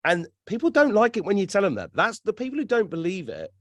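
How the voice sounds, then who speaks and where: Man, animated storyteller, swears a lot, lively swinging voice, dry close sound. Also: high voice, quick pace, dry recording. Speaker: guest. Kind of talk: casual podcast chat.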